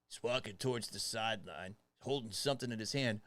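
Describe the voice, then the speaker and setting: A man hosting a sports commentary show, mocking and profane, swinging between loud outbursts and quiet asides. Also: fairly low pitch, a little fast, hardly any pauses, dry recording.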